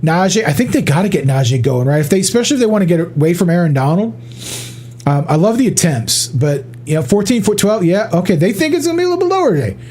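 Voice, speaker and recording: Man, high-pitched voice, podcast host, casual sports chat, profane, rambling. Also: very animated, fast talker, a little mellow. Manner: profane, rambling, laughs often.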